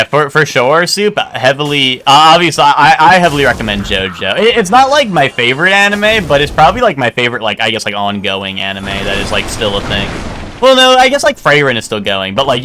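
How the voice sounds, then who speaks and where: Rambling young man with a bright voice. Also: mid-range voice, very animated, a little fast, slight background noise. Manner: rambling, many "like" fillers and restarts; swears casually. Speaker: game streamer. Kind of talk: casual chat while live-streaming.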